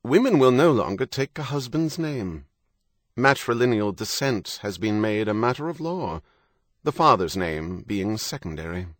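A pushy, evasive official explains things in a smooth, matter-of-fact way, as a narrator voices him. The voice is low and close, in a dry room. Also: male voice, animated, normal speed, fairly bright tone, no room sound.

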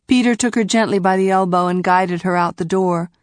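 A woman narrating a novel in scripted, measured storytelling from a quiet booth. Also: lowish voice, no room sound, studio quality. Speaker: audiobook narrator.

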